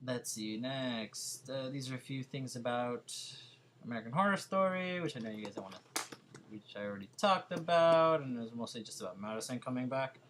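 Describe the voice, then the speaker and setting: A man's voice: medium pitch, brisk, slight background noise. Young Californian man, hesitant and chatty. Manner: hesitant, lots of fillers and "like". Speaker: vlogger answering viewer questions. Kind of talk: casual chat.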